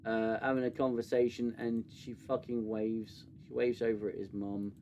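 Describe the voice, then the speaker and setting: A British man hosting a live stream with a mid-range voice, ranting and sarcastic and quick to swear. His voice swings high and loud when he mocks something. A faint hiss of noise sits behind him. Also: little pitch movement. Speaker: show host. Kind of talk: live review stream chat.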